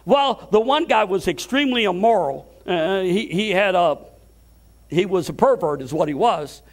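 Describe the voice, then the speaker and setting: A man preaching a sermon, telling a personal story and acting out the voices of the people in it, with excited repeated words. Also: high voice.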